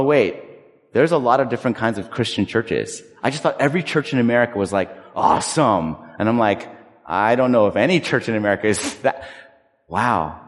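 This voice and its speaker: A man preaching a sermon as a pastor, conversational and animated, telling personal stories. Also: on the high side. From Southern California. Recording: long reverb of a large hall.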